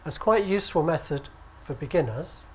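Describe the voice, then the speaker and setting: A British man teaching at an acupuncture conference, speaking in a relaxed, conversational way and often checking with the audience. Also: on the high side, fairly quick, a little hiss or hum. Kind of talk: conference lecture. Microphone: handheld microphone.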